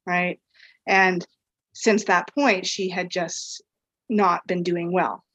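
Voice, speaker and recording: A woman's voice: on the low side, fairly even intonation, slow pace, a bit bright, dry recording, poor audio. A woman guest on a podcast, telling a personal story in a casual, rambling way full of "like" and "um". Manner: rambling storyteller, heavy use of "like" and "um". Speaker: podcast guest, equine therapy practitioner.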